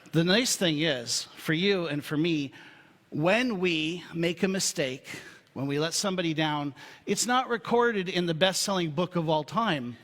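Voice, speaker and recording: A pastor preaching a sermon in a relaxed, joking, conversational way before turning serious. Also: male voice, a little high. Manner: humorous, conversational storytelling. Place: church sanctuary. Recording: reverberant church hall.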